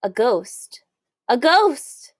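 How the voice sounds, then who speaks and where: A woman voicing a pompous, stern old male head mouse who shouts and drags out his words. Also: medium pitch, slow, no room sound, natural voice. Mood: stern alarmed.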